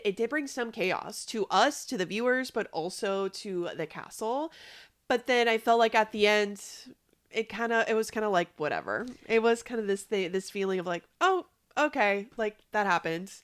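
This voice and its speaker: A woman co-hosting a podcast in casual chat, animated and quick to laugh and agree. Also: a little high, smooth. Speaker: podcast co-host.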